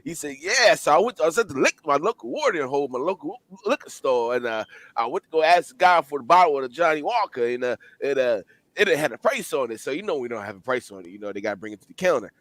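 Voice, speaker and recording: A man with a somewhat high, lively voice tells a story to his co-hosts. He is animated and laughs often. The sound is dry. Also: quick pace, no echo. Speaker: co-host. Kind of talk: casual storytelling banter.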